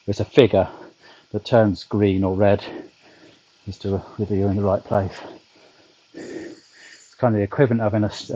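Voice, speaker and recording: A man's voice: lowish voice, flat delivery, normal speed, long pauses, warm tone, dry recording, highs cut off. Rambling British man chatting mid-ride. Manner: rambling, many ums, dry humour. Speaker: vlogger cycling on a turbo trainer. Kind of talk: casual chat to a livestream. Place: home, back garden.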